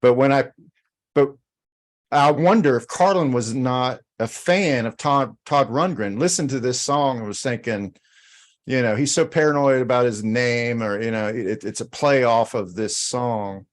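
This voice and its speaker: A man's voice: mid-range voice, measured pace. A man hosting a casual podcast chat, easygoing and rambling as he tells a story. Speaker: podcast host.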